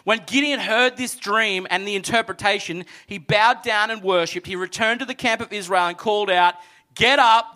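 A male pastor delivers a sermon in a high, bright voice, and his delivery is animated and lively as he acts out the characters in the story. He addresses a seated congregation, shifting between energetic retelling and quieter, earnest exhortation. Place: church hall with congregation.

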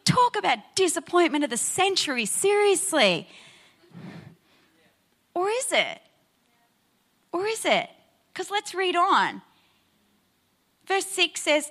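A woman preaching a sermon, retelling a Bible story in an animated way and checking in with listeners with a frequent "right?". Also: sits high, measured pace, long pauses.

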